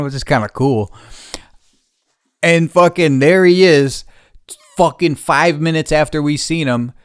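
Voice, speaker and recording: Podcast host, New man, swearing storyteller, dry close sound, mid pitch. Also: no room sound. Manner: profane, loose and chuckling. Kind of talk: rambling casual storytelling.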